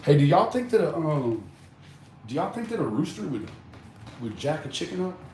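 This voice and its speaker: A man chatting casually with viewers on a livestream, animated and joking, swearing and laughing often. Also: on the high side, normal speed, noisy background. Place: outdoors in a backyard.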